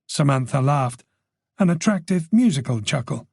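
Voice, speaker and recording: A man narrates a mystery audiobook, reading scripted text in a measured, even storytelling style. His pitch is medium, and the recording is dry and studio quality.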